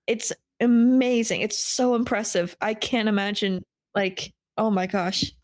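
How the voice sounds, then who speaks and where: A podcast host with a mid-range, slightly slow female voice chats casually and enthusiastically, showering her guest with warm praise. The recording is dry, with clean studio sound.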